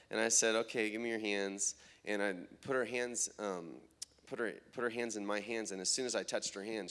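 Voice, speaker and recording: Man excitedly retelling prayer meeting stories. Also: lowish voice. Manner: excited and rising when retelling dialogue, halting with fillers. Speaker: minister recounting healing meetings. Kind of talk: testimony storytelling.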